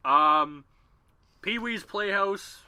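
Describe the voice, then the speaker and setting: A man co-hosting a podcast, joking and teasing in quick casual banter. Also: sits high, bright, forceful tone, clear, resonant tone, no echo. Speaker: podcast co-host. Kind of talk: casual chat.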